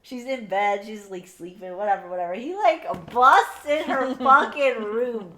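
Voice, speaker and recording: A woman co-hosting a podcast, giving a blunt, profane, animated book review in casual chat. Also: a little high, measured pace, a little hiss or hum. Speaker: podcast co-host.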